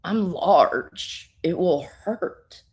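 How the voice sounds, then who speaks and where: A woman voicing a huge alien woman who speaks slowly, softly and haltingly. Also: fairly low pitch, expressive, full character voice. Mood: hesitant. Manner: slow, soft, halting.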